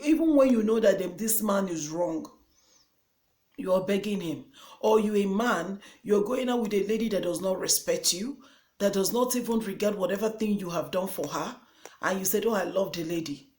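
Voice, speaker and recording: A woman with a Nigerian English accent delivers earnest, preachy motivational advice. She often repeats a phrase to drive the point home. Her voice sits at a middle pitch and rings in an echoey room. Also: darkish tone. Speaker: vlogger. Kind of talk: motivational vlog talk.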